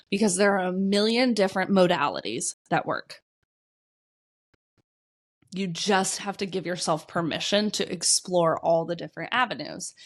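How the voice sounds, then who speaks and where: Fired-up woman coach, coughing from a cold. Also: mid-range voice. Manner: energetic, blunt, swears casually. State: getting over a cold, coughing. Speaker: business coach and podcast host. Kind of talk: solo podcast monologue.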